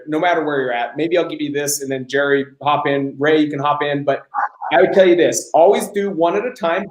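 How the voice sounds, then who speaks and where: A man's voice: fairly high pitch, echoey room, rough recording. A man hosting a live Q&A on business coaching, telling stories and acting out the dialogue. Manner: animated storyteller, acts out quoted dialogue. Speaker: host.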